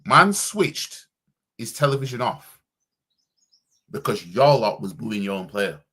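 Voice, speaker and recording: A man's voice: on the low side, normal speed. A man reacting casually on a stream as a football fan, with a slangy, stumbling way of talking.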